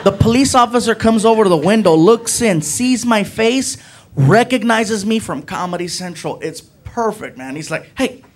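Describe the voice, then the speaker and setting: A male stand-up comedian telling an animated story and acting out the people in it. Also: high-pitched, normal speed. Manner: animated, acts out voices.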